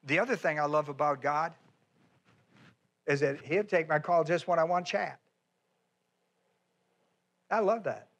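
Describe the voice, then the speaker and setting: A man's voice: a little high, a little slow, pauses often, fairly bright tone. A man preaching a sermon as pastor, folksy and emphatic, with chatty asides and repeated phrases. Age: older.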